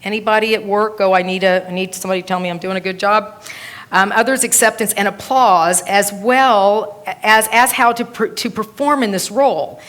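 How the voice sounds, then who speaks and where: A woman minister giving a sermon to a congregation, telling stories and quoting others in an animated way. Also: medium pitch, moderate pace. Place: church service with a congregation.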